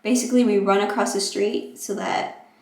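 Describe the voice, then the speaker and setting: A young woman telling a rambling, casual storytime vlog about her move-in day, acting out quotes with animated voices. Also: mid-range voice, normal speed. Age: young adult. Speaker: vlogger. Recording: echoey room.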